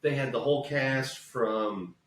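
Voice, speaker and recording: A man's voice: mid-range voice, measured pace, roomy sound, recorded from a distance. A man with a Southern US accent, co-hosting a podcast, telling a rambling story and swearing freely. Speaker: podcast co-host. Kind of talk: casual chat.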